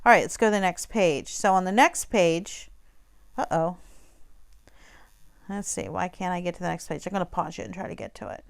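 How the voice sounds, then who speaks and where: Woman teacher, clear smooth voice, easygoing recorded lesson, chatty explaining. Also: lowish voice, moderate pace, pauses often. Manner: relaxed, conversational explaining with frequent fillers. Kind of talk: recorded online lesson walking through a textbook page.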